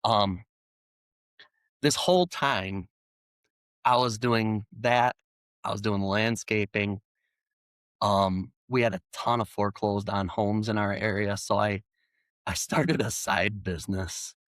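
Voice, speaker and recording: A middle-aged man, a podcast guest, talking in a relaxed, plainspoken way with frequent ums and restarts. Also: lowish voice, slow pace, pauses often, dry recording. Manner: animated when retelling dialogue. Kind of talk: storytelling in a conversational interview.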